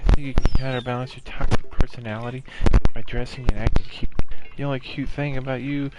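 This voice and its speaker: A man voicing a prim, shy teenage girl who turns cutting and cold, reading her lines in a measured, quietly scornful way. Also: mid-range voice, level tone, heavy background noise, close to an everyday voice.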